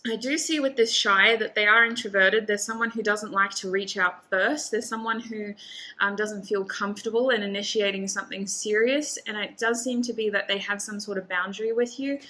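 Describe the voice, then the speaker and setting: A woman's voice: mid-range voice, steady tone, normal speed, bright, forceful tone. A woman giving a casual tarot reading to the camera, chatty and thinking aloud as she lays out cards, with frequent laughs. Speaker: tarot reader.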